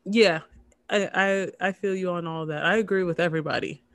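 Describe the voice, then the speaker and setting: A woman co-hosting a podcast in casual chat, relaxed and agreeable with dry jokes. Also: lowish voice, a little fast, no room sound. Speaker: podcast co-host.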